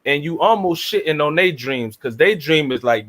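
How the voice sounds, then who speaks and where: A man's voice: fairly high pitch, lively intonation, moderate pace, a bit bright. Blunt, profane man in casual debate.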